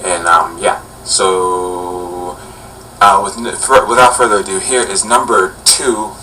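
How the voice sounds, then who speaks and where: Chatty young man with a bright voice. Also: low voice, fairly even intonation, takes it slowly. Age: 20s. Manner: chatty, rambling, many fillers. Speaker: vlogger host. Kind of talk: casual vlog commentary. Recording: distant camera mic with faint hum.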